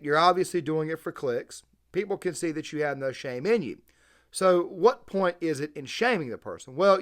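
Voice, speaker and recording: A man's voice: fairly high pitch, a bit bright. A man hosting a reaction commentary, talking emphatically and wordily and repeating his phrases. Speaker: channel host.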